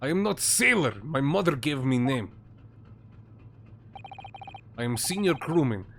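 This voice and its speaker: A man voicing a gruff, haughty male ship's guard who speaks broken English. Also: medium pitch, unhurried. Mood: curt. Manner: broken English, curt and dismissive. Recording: steady background noise.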